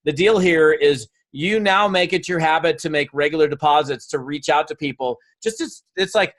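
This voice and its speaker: A man delivers a live seminar, urging his audience into action with energy and a coaxing tone. His voice sits a little on the high side, and he slips into quick acted quotes while he tells his stories. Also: expressive, fairly bright tone. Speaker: motivational speaker.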